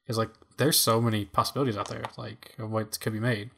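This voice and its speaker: A man's voice: on the low side, level tone, quick pace, gravelly, pushed and bright. A man co-hosting a gaming podcast, chatting casually and rambling with lots of fillers. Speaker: podcast co-host. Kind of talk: casual chat.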